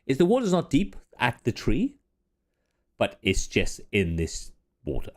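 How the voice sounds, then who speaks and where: Laid-back game master, slow lively narration. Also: male voice, medium pitch.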